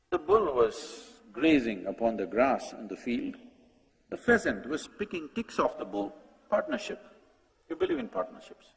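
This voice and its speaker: A man giving a public talk at a conference. He is animated, asks rhetorical questions and speaks straight to the audience. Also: fairly high pitch, creaky, husky. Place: large conference hall. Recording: long hall reverb.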